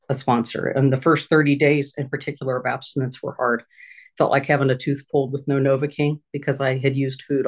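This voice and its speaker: A woman's voice: extremely low pitch, a little mellow. Candid middle-aged woman sharing her recovery. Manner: candid, halting, many fillers and restarts. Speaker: recovery meeting speaker. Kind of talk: personal recovery share at a support meeting. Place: her home office.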